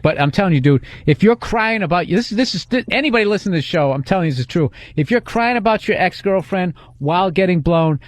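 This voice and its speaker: A man's voice: sits high, animated, fast talker, few pauses, no echo. A man co-hosting a casual comedic podcast, rambling and profane, often stumbling through restarts. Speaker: podcast co-host.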